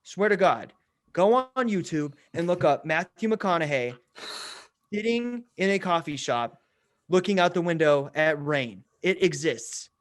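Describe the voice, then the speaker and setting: A man's voice: fairly high pitch, lively intonation, a little slow. A man co-hosting a podcast in casual chat, eager and slangy, calling his friends "bro". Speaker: podcast co-host.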